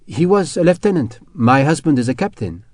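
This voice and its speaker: A man voicing a shaken young French woman who speaks softly and sadly. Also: a little high, very animated, fairly quick, no room sound, clean studio sound. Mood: subdued.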